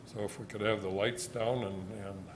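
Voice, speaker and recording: Low-voiced man presenting at a council meeting. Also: steady tone, moderate pace, slight background noise. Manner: plain, hesitant with fillers. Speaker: city staff presenter.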